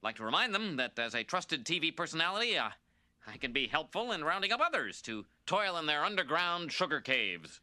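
This is a middle-aged cartoon TV anchor, grave on the surface but fawning underneath. His delivery is dramatic and announcer-like, bright and sharp in tone, and it rises and falls a lot. The sound is dry and close. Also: a little high, big pitch swings, fairly quick, dry recording, exaggerated voice. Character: smarmy middle-aged male TV news anchor. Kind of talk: cartoon news broadcast.

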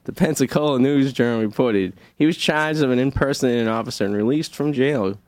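A man voicing a slow-witted male news reader, reading comic crime stories with a drawling deadpan twang on a radio show. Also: medium pitch, dry recording, natural voice. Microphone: studio mic.

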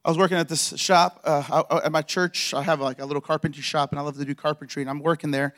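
A man's voice: on the high side, flat delivery, fast talker, a bit bright. A man preaching a sermon in a church as pastor, telling stories with energy and acting out the dialogue.

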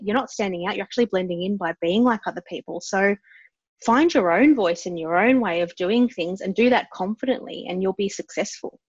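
Bold, animated woman talking marketing. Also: medium pitch, breathy edge, no room sound, muffled recording. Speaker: podcast co-host, marketer. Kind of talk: casual business chat.

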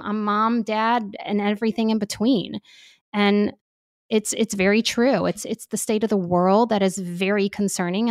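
A woman speaking as a parenting expert guest in casual podcast talk, animated and chatty with lots of fillers. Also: mid-range voice, dry recording, clean studio sound.

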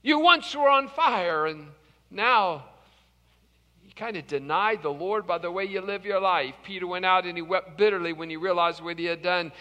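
A male pastor preaching a morning sermon in a dramatic storytelling style, swinging between loud and hushed. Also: high-pitched, normal speed, in a large hall. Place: church service, live streamed.

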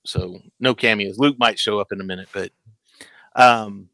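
Animated, bright-voiced man, stammering host. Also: lowish voice, moderate pace, no room sound, poor audio. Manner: animated, stammers, acts out quotes. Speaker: podcast host. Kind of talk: casual chat about a TV episode.

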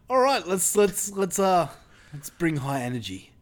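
A young man hosting a podcast in casual chat, laughing often, swearing and getting excitable. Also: high-pitched. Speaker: podcast host.

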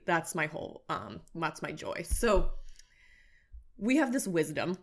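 A woman nutritionist talking as a guest in a casual interview, lively and animated, acting out little quotes with big jumps in pitch. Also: unhurried.

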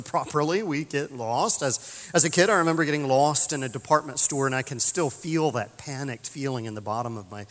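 A male pastor delivers a sermon in an easygoing, conversational way, dropping in chuckling asides. His voice sits in a medium range. The sanctuary adds a long, lingering reverb. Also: mid-range voice. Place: church sanctuary.

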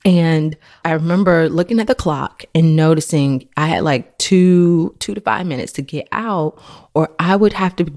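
Low-voiced woman hosting a faith podcast. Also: normal speed, a little mellow. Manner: earnest, personal storytelling. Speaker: podcast host.

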